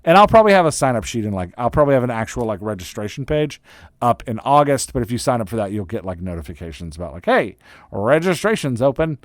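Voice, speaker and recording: A man's voice: lowish voice, big pitch swings, fast talker, no echo. Middle-aged man, podcast host, rambling, self-mocking, lots of ums and restarts, dry close mic. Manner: rambling and self-deprecating, with many fillers and restarts. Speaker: podcast host and writing coach. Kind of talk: casual solo podcast update. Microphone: close studio microphone.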